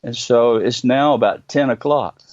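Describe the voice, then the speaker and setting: A middle-aged man, telling his own story as a guest in earnest, halting bursts with many pauses. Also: mid-range voice, a little mellow, no echo, lo-fi sound. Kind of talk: personal storytelling interview.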